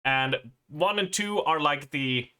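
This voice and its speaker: Casually chatting with his live-stream audience, this Swede in his thirties rambles from idea to idea, bursting into laughter and cursing, seemingly into a desk mic at home. He speaks slowly and smoothly in a slightly high voice that sounds bright and forward.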